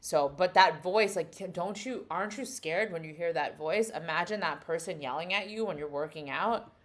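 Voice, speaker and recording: A woman's voice: fairly low pitch, moderate pace. A woman live-streaming in a casual, rambling way, laughing often and talking to her chat. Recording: music playing behind the voice.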